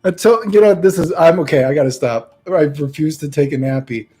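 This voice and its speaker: A man on a livestream keeps trying to read something aloud but dissolves into helpless laughter again and again. Between fits he speaks slowly and haltingly, his voice on the high side and mellow.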